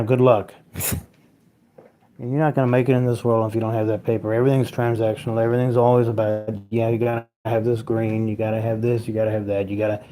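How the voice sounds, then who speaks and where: A man's voice: medium pitch, warm tone. A man hosting a casual livestream from home, talking loosely in a mid-range voice. He rambles between viewer comments, swears freely and laughs often. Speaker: livestream host.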